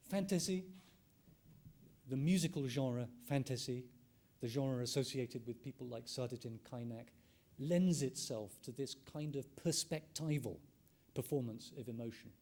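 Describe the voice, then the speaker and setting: A middle-aged man, an ethnomusicologist, giving a measured conference lecture, thinking aloud and restating his phrases with frequent ums. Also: medium pitch, warm tone.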